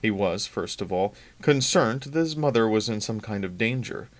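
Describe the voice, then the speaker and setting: A man's voice: fairly low pitch, lively intonation, normal speed. Man reading a novel aloud. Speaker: book reader on a local channel.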